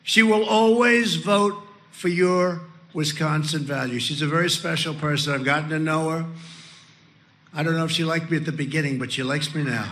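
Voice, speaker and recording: A man giving a political rally speech, introducing candidates in a boastful, repetitive, ad-libbing way, shouting his punchlines. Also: fairly high pitch, moderate pace, slight background noise.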